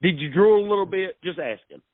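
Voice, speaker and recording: A man's voice: high-pitched, fairly quick, narrow, tinny audio, a little hiss or hum. A male host, rambling in a folksy, joking way through a casual interview. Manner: rambling, folksy, restarts a lot.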